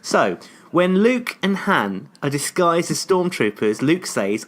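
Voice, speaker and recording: Chatty British man, slightly high voice. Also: very animated, slow. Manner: rambling, chatty, many fillers. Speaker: podcast co-host. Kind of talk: casual podcast chat.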